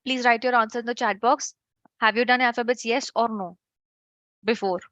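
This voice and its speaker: A woman's voice: a little high, fairly even intonation, moderate pace, a bit bright, dry recording, lo-fi sound. A woman teaching an online French class, chatty and checking in with her students.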